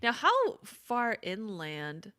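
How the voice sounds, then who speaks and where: A young woman co-hosting a casual true-crime podcast. She reacts with questions, quick curses and frank opinions, at a middle pitch. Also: wildly swooping pitch, pushed and bright. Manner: reactive, swears, asks questions. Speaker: podcast co-host.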